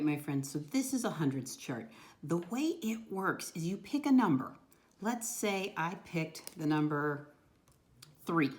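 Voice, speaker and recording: Animated woman teacher, roomy sound. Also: mid-range voice. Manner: animated, sing-song teacher voice, slows to spell words out. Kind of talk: lesson for young children.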